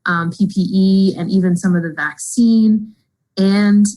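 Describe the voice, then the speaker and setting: A middle-aged woman, a fraud executive, explaining in an interview in a measured way. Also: medium pitch, steady tone, mellow, poor audio.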